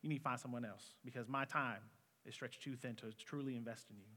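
A man's voice: mid-range voice, fast, pushed and bright. A man in his twenties preaching an earnest, conversational sermon as a student pastor in a church hall. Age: 20s. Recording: long reverb of a hall.

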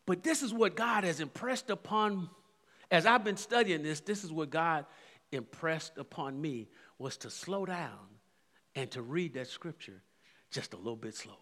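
A man's voice: on the high side, animated, normal speed, a bit bright, big-room sound. A man preaching a sermon as pastor, building fervor through repeated phrases. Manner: preaching with rising fervor and repetitions.

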